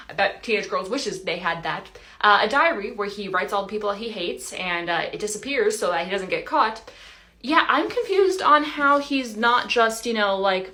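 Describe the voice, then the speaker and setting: A woman's voice: medium pitch, fairly bright tone. A young adult woman delivering a casual comedic monologue to camera, chatty and playful, with lots of "like" and "you know". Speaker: TikTok creator.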